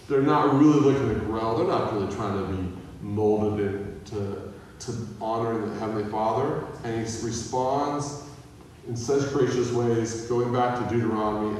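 A pastor giving a conversational sermon, mixing humor and acted-out quotes. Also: male voice, mid-range voice, darkish tone, slight background noise. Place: church sanctuary. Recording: echoey hall, voice from a distance.

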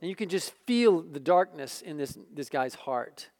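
A man's voice: a little high, animated, normal speed, darkish tone. A pastor preaching a sermon, emphatic and repeating words as he builds each point.

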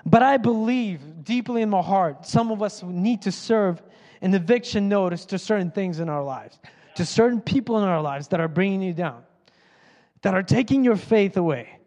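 A man preaching a sermon as a pastor, animated and acting out voices from the story. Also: high-pitched, normal speed. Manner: animated, acts out quoted voices. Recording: long hall reverb.

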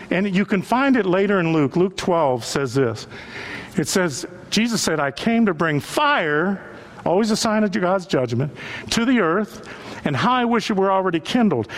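A male pastor preaching a sermon to a church that is also streamed online, acting out the voices of the people he quotes. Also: sits high.

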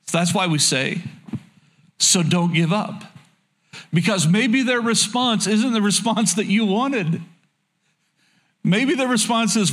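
A middle-aged man preaching from the pulpit with a noticeably high voice. He pleads earnestly, sinking soft and low, then lifts into urgent exhortation as he presses his point. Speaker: pastor. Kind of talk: sermon.

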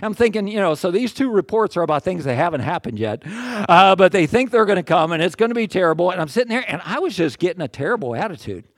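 An older man preaching, telling a personal story in a folksy, self-deprecating, animated way. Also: sits high, fast talker, no room sound, studio quality. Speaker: pastor. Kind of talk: storytelling sermon.

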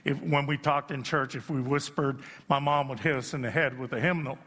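A middle-aged man preaching a sermon as pastor, joking about himself and rising to shouts at the high points. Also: steady tone, brisk. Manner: self-deprecating, swells to shouting at peaks. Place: church sanctuary. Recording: long reverb in a church hall.

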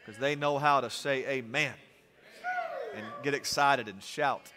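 A male pastor preaching a sermon, animated, with humorous asides and swings from loud to soft. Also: medium pitch, measured pace, noisy background. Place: church sanctuary. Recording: long reverb of a church hall.

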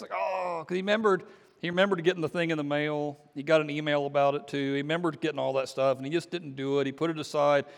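A man preaching a sermon as pastor, telling a story in a casual, halting way with many fillers and restarts. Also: on the high side, creaky, big-room sound. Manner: acts out quoted voices in a story.

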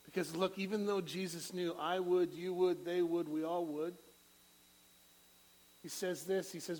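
A middle-aged man delivers a sermon with a voice pitched a little high for a man. He preaches with passion, climbing to loud, soaring peaks and then falling back to quiet, low-voiced prayer. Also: steady tone, normal speed, poor audio.

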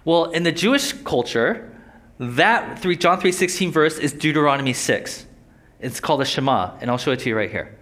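A man's voice: a little high, expressive, moderate pace, a bit bright. A young adult man teaching a Bible lesson in a casual, conversational sermon style, often asking his listeners questions. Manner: conversational, asks the audience questions.

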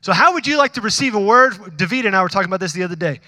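A pastor delivers a sermon in a high, bright voice, talking casually with the congregation and putting questions to them. He acts out conversations with God in sudden animated bursts. His voice sits close and dry on the mic, with a long reverb tail from a large hall behind it. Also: rapid-fire.

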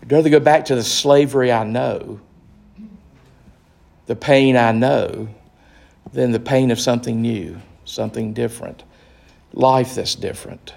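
A man leading a Bible study as pastor, speaking slowly and earnestly with restarts. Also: mid-range voice, creaky, a little mellow. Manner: slow, earnest, with fillers and restarts.

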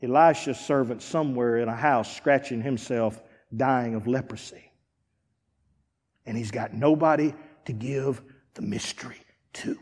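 A man preaching a sermon as pastor, dramatic, dropping to a hush and then rising to shouts. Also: mid-range voice, a little slow, long reverb tail. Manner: dramatic, swings from hushed to shouting.

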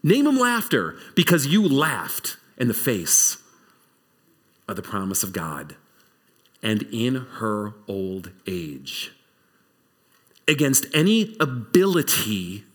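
Animated male preacher telling a story. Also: on the low side, takes it slowly, pauses often. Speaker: pastor. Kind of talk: sermon.

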